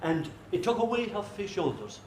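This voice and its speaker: A man with an Irish accent telling a folk tale live in an animated way, full of comic asides. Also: sits high, normal speed, echoey room, slight background noise, low-quality recording. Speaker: storyteller.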